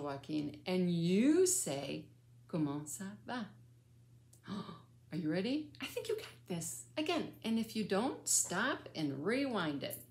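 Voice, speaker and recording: An older woman teaching a child French as a grandmother would. Her voice is low and gravelly, and it swoops up and down. She speaks slowly and patiently, in a sing-song way. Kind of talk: children's language lesson.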